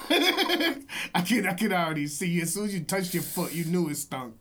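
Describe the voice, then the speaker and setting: A man's voice: sits high, sing-song, normal speed, a bit bright. A man co-hosting a podcast in casual chat, joking and teasing his friend with slangy talk and frequent laughs. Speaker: podcast co-host.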